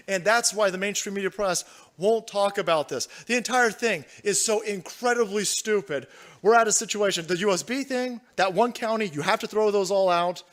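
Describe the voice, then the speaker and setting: A man's voice: high-pitched, a bit bright. A young man hosting a livestream, ranting profanely about politics and reading out viewer chat. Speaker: livestream host.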